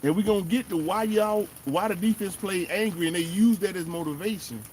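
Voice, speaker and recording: A man hosting a fan show, giving animated, emphatic casual commentary and talking straight to the players. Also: high-pitched, fairly quick, slight background noise. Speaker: sports fan show host.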